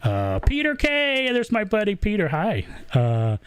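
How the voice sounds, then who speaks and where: A man's voice: sits high, wildly swooping pitch, unhurried, a bit bright, clean tone, no echo. A middle-aged man hosting a casual live interview, joking and chatty with many fillers and restarts. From Southern US. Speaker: host.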